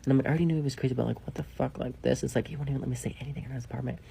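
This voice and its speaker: A man telling a casual storytime, rambling and swearing, leaning on "like" and dropping into hushed asides. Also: medium pitch, fairly even intonation, racing, gravelly, a little hiss or hum. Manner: rambling, profane, heavy use of "like"; drops to a hushed whisper for asides.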